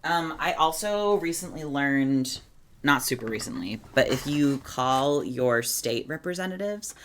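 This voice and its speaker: A woman's voice: very deep voice, a bit bright, a little hiss or hum. Chatty woman live-streaming. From Oregon, USA. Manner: chatty, reads chat aloud, sarcastic asides. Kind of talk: casual live-stream chat.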